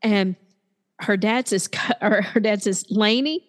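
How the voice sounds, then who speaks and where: A woman's voice: medium pitch, fairly even intonation, unhurried, long reverb tail. A woman from Tennessee, telling a family story in casual chat as a co-host and acting out the voices of people she quotes.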